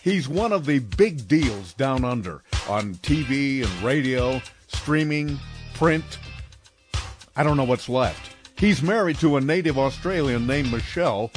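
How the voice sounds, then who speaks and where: A man hosting a podcast, reading a wry scripted introduction with lively delivery. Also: mid-range voice, a little slow, over music. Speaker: podcast host.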